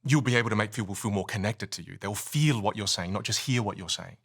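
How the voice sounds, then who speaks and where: A man coaching speaking skills in a podcast studio, animated and melodic, swooping between high and low. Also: fast talker, creaky, breathy edge. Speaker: communication coach.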